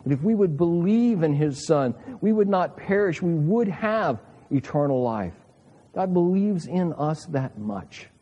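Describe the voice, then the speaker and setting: An older man in his sixties delivering a sermon, earnest and emphatic, fond of rhetorical questions. His voice sits a touch high for a man yet sounds mellow and warm. It rings out with a long reverb, as in a big church hall. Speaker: preacher.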